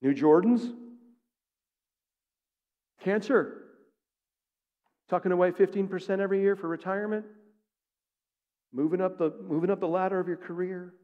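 A man's voice: high voice, moderate pace, pauses often, muffled recording. Emphatic male pastor in echoing sanctuary. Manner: emphatic, poses rhetorical questions to the congregation. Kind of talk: sermon. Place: church sanctuary. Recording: long reverb of a large sanctuary.

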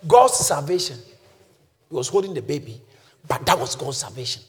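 A male pastor preaching a sermon, swinging from quiet teaching to shouted calls that the congregation answers. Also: on the high side, animated, moderate pace. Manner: congregation shouts back responses.

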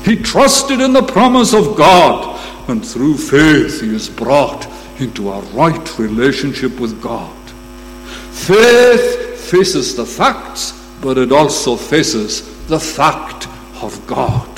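A man preaching a sermon, emphatic, swelling to loud bursts when he quotes scripture. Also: mid-range voice, sing-song, takes it slowly. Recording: long reverb, faint hum.

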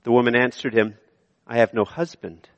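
A Canadian man preaching a sermon, moving between emphatic high points and quiet, slow passages. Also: muffled recording. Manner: animated preaching, shifting from emphatic to hushed. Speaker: pastor. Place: church sanctuary. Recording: long reverb of a large hall.

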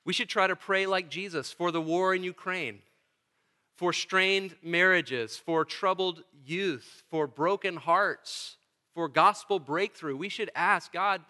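A man's voice: high voice, takes it slowly, pushed and bright. A male pastor preaching a sermon in a church, earnest and emphatic, with touches of dry humor. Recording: long church reverb.

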